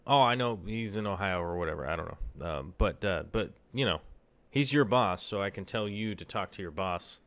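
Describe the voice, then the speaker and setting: A man's voice: deep voice, lively intonation, moderate pace, fairly bright tone. A man casually hosting a live stream, rambling in a laid-back way with lots of fillers.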